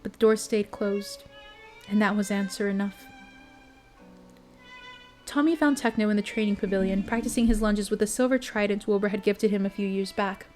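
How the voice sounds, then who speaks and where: A woman's voice: mid-range voice, moderate pace, faint music behind. Woman reading a bedtime story. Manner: steady, expressive reading with small slips.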